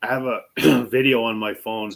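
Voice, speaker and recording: A man hosting a casual chat, retelling a story in an animated way and acting out what people said. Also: fairly low pitch, normal speed. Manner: animated retelling, acts out quoted speech; fillers and restarts. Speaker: host.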